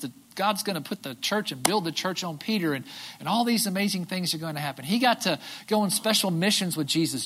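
A preacher retelling a story casually in a sermon, acting out quotes and often asking "right?". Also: medium pitch.

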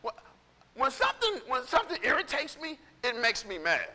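A male pastor preaching in a casual storytelling way, animated and conversational, acting out what people said. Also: very high-pitched, moderate pace, big-room sound. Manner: animated, conversational, acts out quotes. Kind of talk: storytelling sermon.

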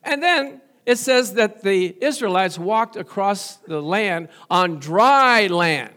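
Middle-aged male pastor, high voice, folksy, jokey sermon delivery with amen call-outs. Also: lively intonation, slow pace, sharp tone. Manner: folksy, joking, asks the congregation for amens.

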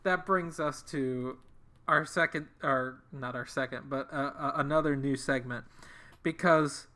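A man's voice: mid-range voice, fairly even intonation, a little slow, bright, forceful tone. A man co-hosting a casual comedic podcast, recapping a book with playful asides over a video call. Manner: jokey, summarizing the plot with playful asides. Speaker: podcast co-host.

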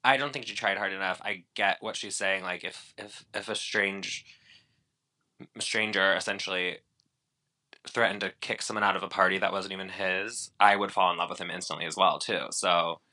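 A man co-hosts a casual podcast, trading jokes and rambling opinions in a sassy manner. His voice sits low yet sounds strikingly bright and sharp. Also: fairly even intonation, moderate pace. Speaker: podcast co-host. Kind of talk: casual chat.

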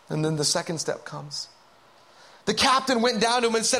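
A man preaching a sermon, swinging between loud, urgent calls and hushed whispers as he acts out inner voices. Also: high-pitched, animated, brisk, gravelly. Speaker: pastor.

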